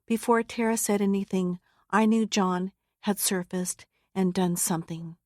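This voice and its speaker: Woman memoir narrator, mid-pitched voice, steady and earnest, close dry studio read. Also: unhurried, no echo. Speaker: audiobook narrator. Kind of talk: first-person memoir narration. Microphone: close studio mic.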